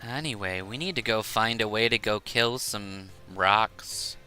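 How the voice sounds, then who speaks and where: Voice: mid-range voice, measured pace, sharp tone, soft background music. A streamer giving casual commentary while playing a game, reading the characters' lines aloud. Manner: laughs often, voices characters while reading.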